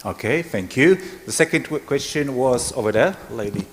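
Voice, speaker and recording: A man moderating a conference Q&A in a polite, hesitant, halting way. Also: mid-range voice, expressive, slight background noise. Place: conference hall. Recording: long reverb in a conference hall.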